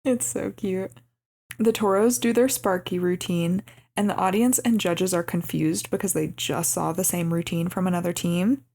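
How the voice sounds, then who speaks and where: A young woman co-hosting a podcast who recaps a movie casually and acts out the quoted lines with lively changes of voice. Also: lowish voice, moderate pace, vocal fry. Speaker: podcast co-host.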